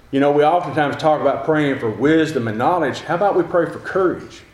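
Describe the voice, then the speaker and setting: A man's voice: fairly high pitch, roomy sound. A man preaching a sermon, building earnest, repetitive lines to his congregation.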